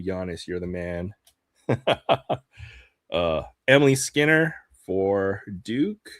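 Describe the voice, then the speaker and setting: A man with a low voice talks casually to his live stream audience while opening cards, laughing often and trailing off into ums. The sound is dry and close, with no room around it. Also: a bit bright, dry recording.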